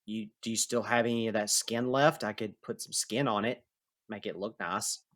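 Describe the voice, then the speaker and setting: A man voicing a laid-back male trader who makes low, mumbled offers. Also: fairly even intonation, moderate pace, fairly bright tone, dry recording, studio quality, lightly acted. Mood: offering.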